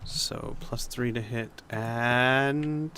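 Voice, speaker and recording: A man taking his turn as a player in a tabletop game, in a plain, low-key manner. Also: steady tone, drawn-out words, bright, forceful tone, clean tone. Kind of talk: casual tabletop play.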